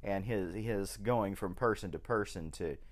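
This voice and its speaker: A man co-hosting a podcast, chatting casually about an old film in a hesitant way, with many pauses and restarts. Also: fairly low pitch. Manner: slow, hesitant, full of ums and restarts. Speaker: podcast co-host.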